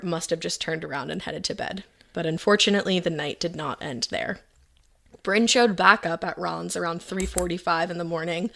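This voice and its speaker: A woman's voice: lowish voice, gravelly, fairly bright tone. A woman podcast host retelling events in a casual, chatty way, full of fillers and quoted lines. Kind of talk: casual true-crime storytelling.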